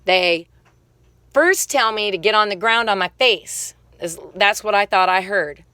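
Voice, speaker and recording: Angry woman vlogger with a sharp tone and a dry sound, cursing through a quick rant. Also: medium pitch, smooth, no room sound. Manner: heated, swearing, quick angry storytelling. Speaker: vlogger telling her own story. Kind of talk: casual spoken monologue.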